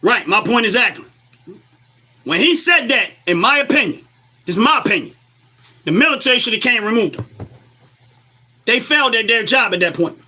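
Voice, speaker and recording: A man's voice: extremely high pitch, animated, moderate pace, pauses often, pushed and bright. A man giving impassioned political commentary, emphatic and lecturing, firing rhetorical questions at his listeners.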